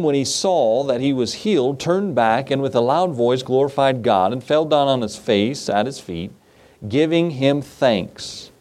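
A man's voice: mid-range voice, darkish tone. A man preaching a sermon, reading scripture and telling a folksy story in a conversational way. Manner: folksy and conversational, acts out voices in his story. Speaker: pastor.

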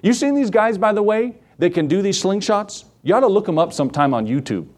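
A man's voice: high-pitched, brisk. A middle-aged man preaching a sermon, telling stories in a folksy way and acting out the quotes while he talks straight to the congregation. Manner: animated storytelling with acted-out quotes; folksy, addresses the congregation directly. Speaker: pastor.

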